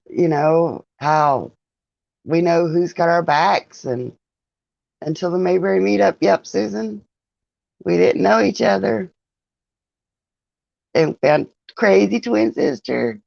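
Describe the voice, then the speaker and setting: A woman hosts a relaxed livestream, greeting her viewers one by one and laughing easily as she chats. Her voice has a gravelly, creaky edge and she takes her time with each phrase. The audio is dry and a bit dull, like lo-fi stream sound. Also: lowish voice, no echo. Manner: chatty, greets viewers by name, laughs often. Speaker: livestream host. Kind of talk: casual live-stream chat with viewers.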